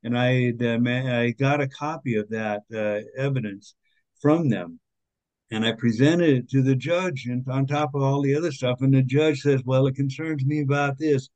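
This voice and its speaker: A man's voice: medium pitch, moderate pace, a little mellow, no echo, rough recording. A man guesting on a podcast, speaking earnestly and with some indignation, with many fillers in his speech. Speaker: podcast guest, author and activist. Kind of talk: conversational interview.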